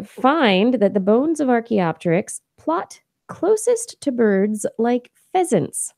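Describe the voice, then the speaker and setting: Mellow woman explaining science news. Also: mid-range voice, creaky, no room sound, studio quality. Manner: explains research details with laughs and fillers. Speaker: podcast co-host. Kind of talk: casual science news chat.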